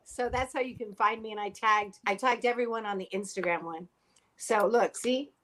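A woman's voice: medium pitch, moderate pace, a bit bright, slight background noise. A woman on a video call panel, talking in an effusive, grateful, casual way. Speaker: panel guest.

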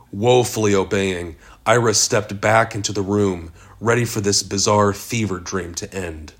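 Male audiobook narrator, low husky voice, slow steady read. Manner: steady, measured reading. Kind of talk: scripted narration.

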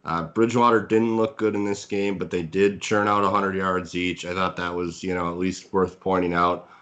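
Man, very low voice, casual sports talk, lots of ums and hedges. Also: level tone, moderate pace, a bit bright. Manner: hedging, filler-heavy, analytical. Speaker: fantasy football podcast co-host. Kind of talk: casual sports analysis chat.

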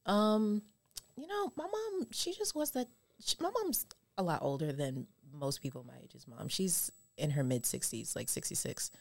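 A woman's voice: on the low side, animated, moderate pace, creaky, darkish tone, no echo. A woman from Compton telling candid personal stories in a casual podcast chat. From Compton, California. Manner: candid, storytelling with acted-out quotes.

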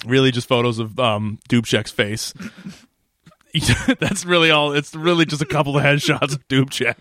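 A man's voice: medium pitch, moderate pace, a bit bright, dry recording. Laughing man recapping an episode. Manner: rambling, laughs often, restarts. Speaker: podcast co-host. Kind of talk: casual podcast recap chat.

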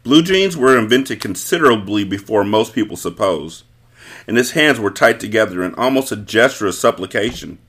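A man hosting a book podcast, reading a novel aloud with expressive, animated storytelling. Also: on the low side, moderate pace, breathy edge.

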